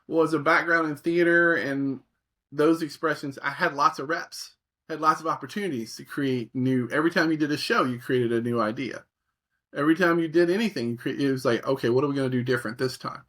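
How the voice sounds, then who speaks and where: A man's voice: fairly high pitch, brisk. A middle-aged man in a conversational interview, telling stories as a creativity facilitator and acting out the reactions he quotes. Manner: animated storyteller, acts out quoted reactions.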